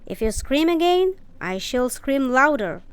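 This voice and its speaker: A bossy young girl with a sharp, scolding tongue, as a woman reading aloud puts her on. The voice sits fairly high and comes across clear and smooth in a dry, close sound. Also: animated, measured pace, dry recording. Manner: snappish and scolding.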